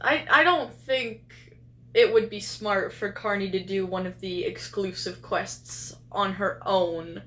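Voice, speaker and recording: Slow bright-voiced woman player. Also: mid-range voice, a little hiss or hum. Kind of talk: casual tabletop role-play.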